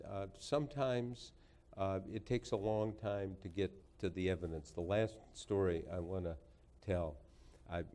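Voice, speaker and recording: A man in his sixties with a somewhat low voice tells anecdotes at a lecture. His humor is dry and wry. He builds each story patiently toward a punchline. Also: mellow. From United States. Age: 60s. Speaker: guest lecturer. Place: lecture hall before an audience.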